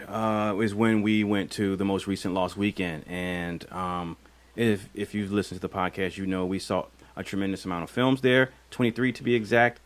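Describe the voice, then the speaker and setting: Low-voiced man musing on a podcast. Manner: rambling, thoughtful, many fillers and restarts. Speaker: podcast co-host. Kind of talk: casual film podcast chat.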